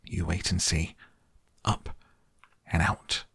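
A man voicing an eccentric, cheerful chocolate maker in a storybook reading, brisk, gleeful and theatrical. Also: low voice, little pitch movement, a bit bright, breathy edge, no room sound, studio quality, heavily acted.

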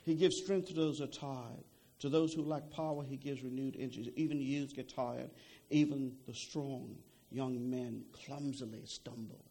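A man's voice: mid-range voice, fairly even intonation, moderate pace, mellow, a little hiss or hum. A young adult man preaching a sermon in a conversational way, often checking in with "okay?" and repeating words as he goes.

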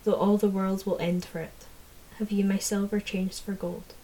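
A woman's voice: medium pitch, level tone, normal speed, dark tone, lightly acted, poor audio. A woman reading aloud, voicing a proud, cold fairy lord who speaks with hissing contempt. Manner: hissing, haughty.

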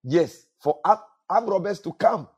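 A man with a somewhat high, husky voice preaches a sermon. He repeats his phrases and keeps asking the congregation to answer back. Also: expressive, unhurried, a little mellow, highs cut off. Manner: repetitive preaching with call-and-response questions to the congregation. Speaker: pastor.

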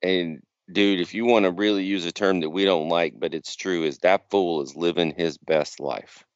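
Low-voiced man rambling on a podcast. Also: fairly even intonation, normal speed, smooth, no room sound, dull audio. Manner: rambling storyteller, acts out quotes. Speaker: podcast co-host. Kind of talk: casual chat.

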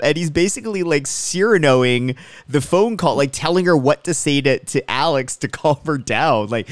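Lively, high-toned man chiming in. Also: no echo, clean studio sound. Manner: lively interjections and quick comments. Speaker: podcast co-host. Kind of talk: casual chat recapping a movie.

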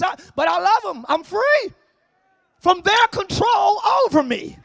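A man preaching a sermon as pastor, often shouting. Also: very high-pitched, lively intonation, a little slow, gravelly, no room sound. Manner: shouting, sing-song preaching with call-and-response. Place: church service, before a congregation.

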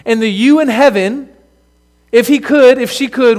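Male pastor, high-pitched voice, earnest, direct sermon delivery. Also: fairly even intonation, normal speed. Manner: earnest, direct, addresses children in the pews. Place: church sanctuary.

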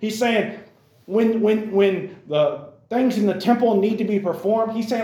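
An earnest man preaching to a youth group, his voice sitting a little higher than most men's. He drives his points home by repeating them and calling out to the room. The church around him adds a roomy echo. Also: unhurried, mellow. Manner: earnest and repetitive, keeps calling out to the listeners. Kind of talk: sermon to young people.

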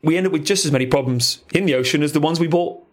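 A man co-hosting a podcast in a studio, a relationship coach who talks in an animated, playful and crude storytelling way. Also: a little high, very fast. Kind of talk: casual podcast chat. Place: recording studio.

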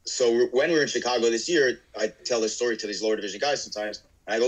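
A man telling a paintball story in casual talk, animatedly acting out his teammates' shouted lines. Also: on the low side, quick pace, few pauses, poor audio. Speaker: guest paintball player.

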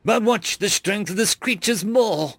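A man's voice: sits high, measured pace, vocal fry, fairly bright tone, dry recording, soft background music, pitched above the performer's own voice, heavily acted. A man doing a theatrical alien student presenter. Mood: dramatic. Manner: theatrical, ominous build-up.

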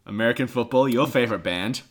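A man's voice: mid-range voice, quick pace. A man co-hosting a casual podcast, trading dry, self-mocking jokes. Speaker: podcast co-host. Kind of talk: casual chat.

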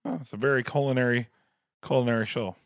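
A man co-hosting a podcast in casual chat, laughing often and reacting with animated outbursts. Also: mid-range voice, fast, dry recording, clean studio sound. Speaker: podcast co-host.

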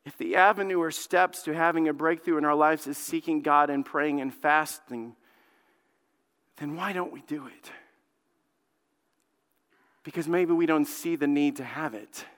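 A male lead pastor preaching a sermon, fervent, dropping to a hushed plea and then rising loud, and often repeating words as he builds a point. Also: fairly high pitch, measured pace, long pauses, smooth. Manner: fervent, swings from hushed pleading to loud outbursts. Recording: long hall reverb.

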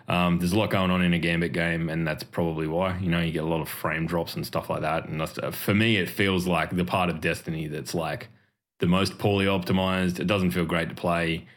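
Deep-voiced sweary podcast host. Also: male voice, fairly bright tone. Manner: sweary, laughs often. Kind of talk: casual gaming podcast chat.

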